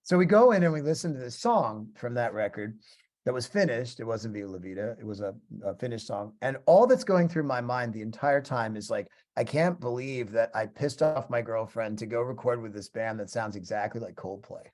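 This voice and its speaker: A man's voice: medium pitch, fairly quick. Chatty middle-aged man telling stories. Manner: animated, chatty, acts out both sides of conversations. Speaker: guest musician teaching a class. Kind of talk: casual storytelling lecture.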